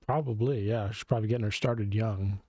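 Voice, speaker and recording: A man's voice: fairly low pitch, fairly even intonation, brisk, a little mellow, no room sound. A man co-hosting a podcast, chatting casually and profanely while reacting to videos. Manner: profane, amused, rambling. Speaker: podcast co-host.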